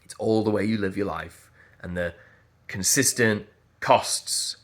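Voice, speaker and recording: A man's voice: lowish voice, a little slow. A man, a voice teacher giving an earnest, emphatic motivational talk and repeating phrases as he thinks aloud. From Yorkshire.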